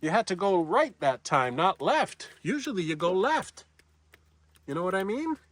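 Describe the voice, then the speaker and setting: A man's voice: sits high, big pitch swings, normal speed, dry recording. A man vlogging on his farm, chatting outdoors by the barn to his cats in a fond pet-talk voice. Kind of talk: casual talk to farm animals.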